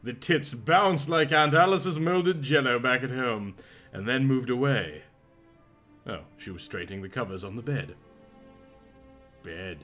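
A man's voice: mid-range voice, measured pace, pauses often, fairly bright tone, faint music behind. A man reading a comic parody story aloud in a melodramatic, mock-passionate narration.

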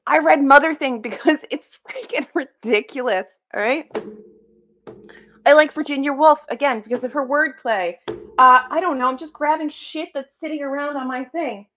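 A young woman with a high, fairly bright voice reacts to a video clip at a moderate pace. Her casual commentary is exasperated, emphatic and blunt, and she swears and laughs.

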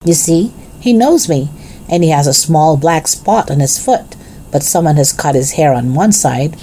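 A woman's voice: low-pitched, expressive, normal speed, dark tone, slight background noise. A woman voicing a plain, matter-of-fact man in a storybook read-aloud. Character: plain man, dog's former owner.

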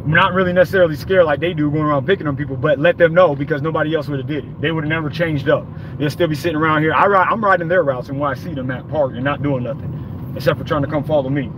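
A man's voice: on the high side, steady tone, quick pace, background noise. A man giving an angry, profane, rambling rant while driving, recorded on a phone in his car. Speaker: vlogger. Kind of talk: ranting vlog while driving.

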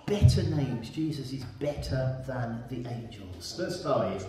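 A man's voice: medium pitch, lively intonation, slow pace, few pauses, dark tone. A man preaching a sermon in a church and reading from the Bible, emphatic and repeating his key points. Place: church hall. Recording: very echoey room.

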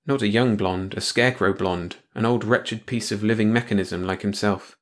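A man narrating a short story as an audiobook, reading in a steady, measured storytelling way. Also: on the low side.

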